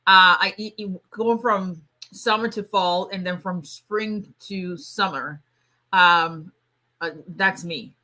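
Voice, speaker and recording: Bright-voiced woman attorney chatting live. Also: medium pitch, takes it slowly. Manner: chatty, laughs often, frequent restarts. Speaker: immigration attorney hosting a livestream. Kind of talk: casual livestream chat.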